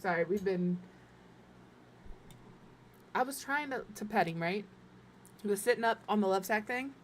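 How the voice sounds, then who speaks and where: In a home room, a middle-aged woman builds in a life-sim game on a live stream, talking casually to her viewers and her cat and making fun of herself. Her medium-pitched voice moves at a moderate pace, with a little hiss or hum.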